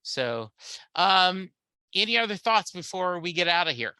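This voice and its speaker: A man's voice: high-pitched, very animated, a little slow, pushed and bright, clear, resonant tone, no echo. A man hosting a casual podcast chat, rambling with many fillers and restarts. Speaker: podcast host.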